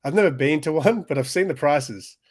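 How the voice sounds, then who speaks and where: A man's voice: a little high, a little fast, a little mellow. A young man co-hosting a casual podcast chat, telling rambling stories full of restarts and fillers. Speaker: podcast co-host.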